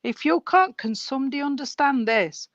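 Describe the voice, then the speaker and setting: A woman's voice: high-pitched, expressive, moderate pace, no room sound, highs cut off. Chatty woman medium on a call. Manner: chatty, calls people sweetheart and darling, self-correcting. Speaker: spiritualist medium. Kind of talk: live mediumship reading at an online service. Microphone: video call.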